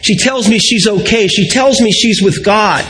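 A man's voice: high-pitched, normal speed, a bit bright, pitched above the performer's own voice. A man voicing a resigned grieving father. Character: quiet grieving older father.

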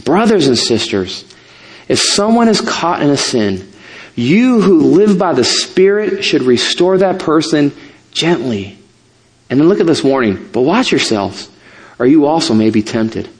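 Man, middle-aged, pastor, sermon, conversational with asides, slightly high voice. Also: very animated, unhurried. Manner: conversational, with asides and self-corrections.

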